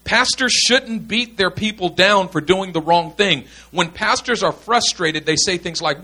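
A man's voice: high-pitched, unhurried, hardly any pauses, bright, forceful tone. A man teaching in a sermon style, earnest and emphatic, repeating his key points. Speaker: pastor teaching pastors.

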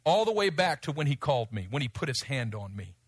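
A middle-aged man preaching a sermon in a storytelling way, swinging from loud pleading to hushed, low speech. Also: big pitch swings, fast talker, husky, no echo.

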